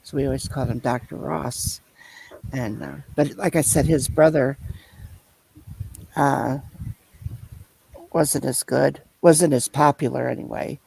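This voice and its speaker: Creaky man reminiscing in casual chat. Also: mid-range voice, steady tone, darkish tone, dry recording, low-quality recording. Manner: rambling reminiscence, halting, looping back to repeat points. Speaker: storyteller in a conversation.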